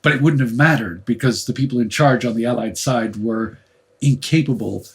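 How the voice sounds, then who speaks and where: A man co-hosting a history discussion, summing up what he has just heard. His voice is gravelly and sits in a middle register, and he rephrases the points in a measured, careful way. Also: mid-range voice. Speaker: co-host. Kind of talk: casual history chat.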